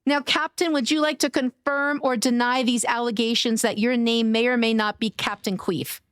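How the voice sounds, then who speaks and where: A woman's voice: fairly high pitch, fairly even intonation, moderate pace, fairly bright tone, clean tone, no echo, studio quality. A woman livestreamer chatting casually with her viewers, playful and teasing, laughing often and swearing freely. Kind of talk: casual chat to a live stream audience.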